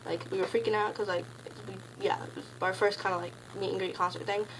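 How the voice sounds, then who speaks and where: A teenage girl telling a story in a casual vlog, gushing and rambling, packing her sentences with "like" and jumping into excited high squeals. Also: fast talker, noisy background. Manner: gushing, rambling, heavy use of "like"; bursts into high excited squeals when quoting. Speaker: concert fan recounting a meet and greet.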